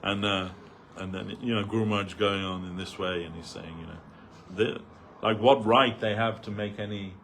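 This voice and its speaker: A man speaks in a fairly low voice, telling stories and explaining a reading in a loose, meandering way. His talk is stacked with "like" and "you know". A faint hiss sits behind him. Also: fairly even intonation, moderate pace, few pauses, fairly bright tone. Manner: rambling, full of "like" and "you know". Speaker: devotee speaker. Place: temple hall.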